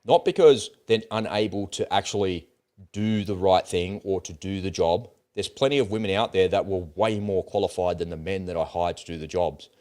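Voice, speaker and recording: A middle-aged man, hosting his own channel and telling a story in a blunt, animated way. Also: deep voice, moderate pace. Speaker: host of political commentary channel. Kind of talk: casual opinionated monologue.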